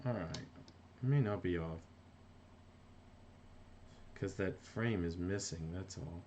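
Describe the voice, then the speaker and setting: A man's voice: low voice, slow, mellow, a little hiss or hum. A middle-aged man from New Jersey, an animator chatting casually on a live stream while he works, reading viewer comments aloud and often breaking off mid-thought. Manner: rambling, self-interrupting, reads chat aloud.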